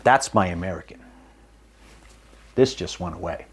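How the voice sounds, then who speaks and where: A man who owns an inn, answering interview questions in a blunt, halting way and often repeating his words. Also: low-pitched, animated. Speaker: inn owner. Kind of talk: interview soundbites.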